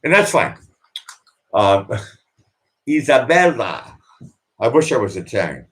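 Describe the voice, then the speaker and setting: Hosting a laid-back live stream, this middle-aged Boston man speaks at a normal speed in a low, husky voice. He's very animated, his pitch swinging widely as he rambles, repeats words, and starts sentences over.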